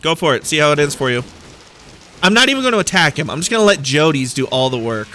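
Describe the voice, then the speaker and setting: A man's voice: fairly high pitch, big pitch swings, quick pace, sharp tone. A man giving playful, joking let's-play commentary, wandering off on tangents as he plays. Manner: playful, jokey, goes off on tangents. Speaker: gaming YouTuber.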